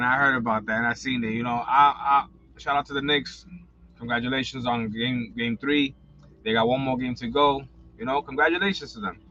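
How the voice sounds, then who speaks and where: A man's voice: medium pitch, bright, forceful tone, highs cut off. A man, hosting a casual livestream, rambling and blunt with lots of slang and swearing. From New York. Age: 40s. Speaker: livestream host.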